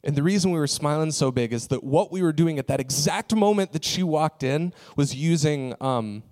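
A man preaching, telling a personal story in a relaxed, conversational way with frequent fillers. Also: a little high, normal speed. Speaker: pastor. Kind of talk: sermon story.

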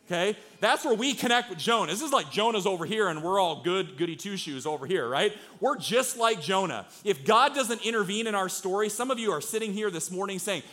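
Earnest high-voiced male pastor preaching. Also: lively intonation, brisk, hardly any pauses, bright, forceful tone. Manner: earnest, conversational preaching with rhetorical questions. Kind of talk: sermon. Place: church sanctuary.

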